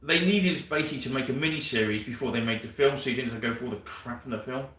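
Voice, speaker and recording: A man with a bright, forceful voice tells long, rambling stories in casual chat, swearing as he goes. He sounds a little far from the microphone, and the room gives his voice a noticeable echo. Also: medium pitch, racing. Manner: rambling storyteller, swears freely. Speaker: co-host of a wargaming livestream. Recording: roomy sound from a distant mic.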